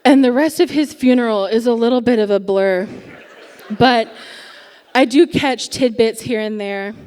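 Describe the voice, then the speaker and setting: A young woman telling a comic personal story on stage before a live audience, wry and self-mocking with dramatic pauses. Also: fairly high pitch, a little mellow, clean tone. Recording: long theatre reverb.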